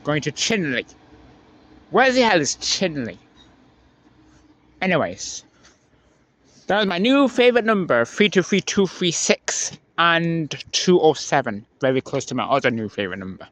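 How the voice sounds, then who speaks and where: A man filming trains from the trackside, chatting excitedly as they pass and swinging between mumbled asides and excited squeals. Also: fairly high pitch. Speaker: trainspotting vlogger. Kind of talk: excited live commentary. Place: outdoors beside a railway line.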